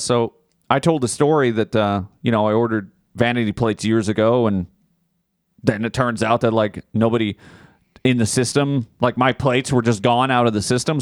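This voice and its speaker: A man's voice: mid-range voice, no room sound, studio quality. A man co-hosting a casual podcast, blunt and profane, teasing his co-hosts and laughing often. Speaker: podcast co-host.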